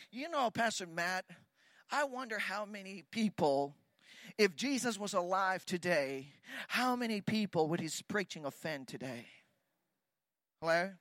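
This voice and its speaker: A man preaching as a guest speaker. He builds to loud repeated declarations, then drops to quiet, low asides. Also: no room sound. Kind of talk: sermon.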